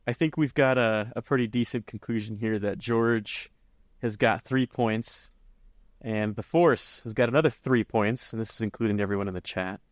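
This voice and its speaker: A man co-hosting a casual roundtable podcast, talking in a relaxed, rambling way and laughing often. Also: lowish voice, moderate pace, no room sound, studio quality. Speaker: podcast co-host.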